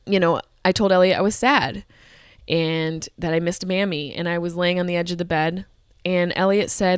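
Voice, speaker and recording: A woman's voice: fairly low pitch, fairly even intonation, a little fast, clear, resonant tone, no room sound, clean studio sound. A woman in her thirties telling a personal story as a podcast host, candid, emotional and full of swearing. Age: 30s.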